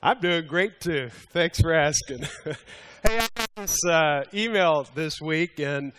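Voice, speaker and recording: A middle-aged man giving a lively teaching talk to a men's group in a meeting room, reading emails aloud with mock indignation. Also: a little high, slow, smooth. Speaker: Bible study teacher. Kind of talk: live sermon to a men's group.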